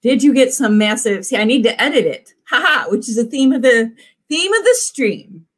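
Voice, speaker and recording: A woman's voice: fairly high pitch, expressive, normal speed. A woman author hosting a live writing stream, chatting in a bubbly, effusive way. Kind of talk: casual live-stream chat.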